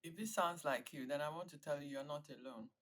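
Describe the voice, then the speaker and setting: A woman's voice: deep voice, a little fast, fairly bright tone, low-quality recording. An older woman, a psychiatrist, presents an online stress workshop in an earnest, emphatic and reassuring way. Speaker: psychiatrist leading a wellbeing workshop.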